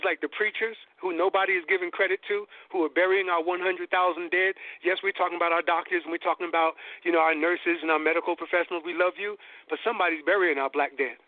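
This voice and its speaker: A man's voice: sits high, dry recording. Impassioned man lecturing over a tinny line. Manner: preacher-like, building to emphatic peaks. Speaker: guest lecturer. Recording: tinny phone-line audio.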